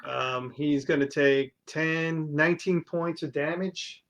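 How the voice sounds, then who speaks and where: A man with a slightly higher voice plays a tabletop game. He thinks aloud and hesitates as he decides what to do. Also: steady tone, slow pace, a bit bright. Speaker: player. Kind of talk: casual tabletop game talk.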